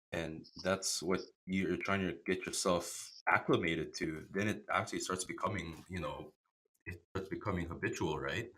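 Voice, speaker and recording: A man with a very deep voice talks in an easygoing, conversational way. His tone is bright and forceful, with a tense edge. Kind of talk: casual chat.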